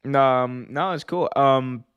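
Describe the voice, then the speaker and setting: A man's voice: mid-range voice, slow pace, smooth, dry recording, highs cut off. Rambling man co-hosting a chat stream. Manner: rambling, laughs often, reads chat. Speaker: podcast co-host. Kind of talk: casual chat.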